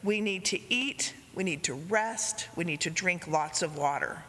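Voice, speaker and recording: A woman preaching a sermon, retelling a story in a gentle way, with quoted lines spoken softly. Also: lowish voice, measured pace. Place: church sanctuary. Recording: reverberant church hall.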